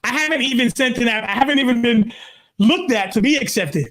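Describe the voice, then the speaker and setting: High-voiced older man telling a story. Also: lively intonation, a little fast, fairly bright tone. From Brooklyn, New York. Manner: emphatic, repeats "literally", acts out his own quotes. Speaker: pastor, guest. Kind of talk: animated storytelling in an interview.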